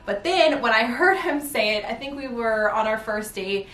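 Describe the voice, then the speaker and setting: A woman's voice: a little high, expressive, normal speed, fairly bright tone. A young woman chatting casually to her viewers while folding laundry at home, rambling a little and laughing between sentences. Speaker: vlogger. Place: room at home, indoors. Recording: roomy home recording from a distance.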